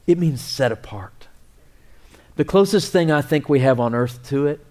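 A middle-aged man preaching a sermon, swinging between loud, excited appeals and quiet, near-whispered asides. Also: fairly high pitch, moderate pace. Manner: animated preaching, rising and dropping to near whispers. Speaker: pastor.

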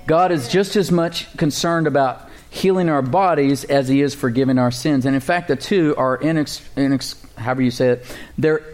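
A man preaching in a relaxed, conversational way, calling out for amens and laughing lightly between points. His voice sits at an ordinary middle pitch for a man, and he slows down to read scripture aloud. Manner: conversational preaching with call-and-response and chuckles. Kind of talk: sermon. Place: church congregation.

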